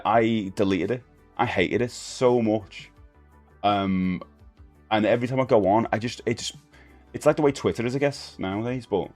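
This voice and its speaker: Rambling man, low voice. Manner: chatty, rambling, self-deprecating with frequent fillers. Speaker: livestream host. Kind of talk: casual chat with viewers. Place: home streaming room. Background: faint music.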